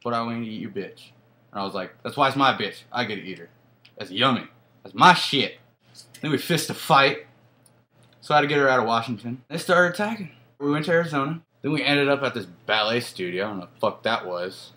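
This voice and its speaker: A man's voice: medium pitch, animated, fairly quick, bright, forceful tone. A man playing a cocky young male vampire boyfriend, boasting in crude slang in a comedic parody monologue.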